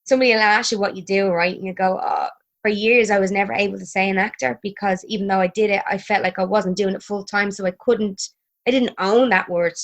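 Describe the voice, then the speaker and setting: A woman's voice: mid-range voice, steady tone, a little fast. A woman in her thirties with an Irish accent, chatting as a podcast guest, laughing and swearing freely. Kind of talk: casual chat.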